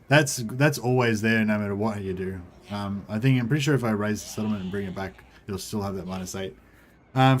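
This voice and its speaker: Male game streamer, casual rambling commentary, swears casually, mid-pitched voice. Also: a little mellow, slight background noise.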